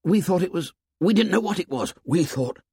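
A man voicing frightened boy twins who plead in hurried, lowered voices, in a storybook reading. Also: lively intonation, gravelly, darkish tone, husky, no room sound, studio quality, full character voice. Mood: urgent, fearful.

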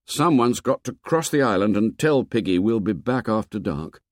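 Man playing an earnest boy chief, troubled, despairing edge, lively pitch. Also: moderate pace, no room sound, clean studio sound, lightly acted.

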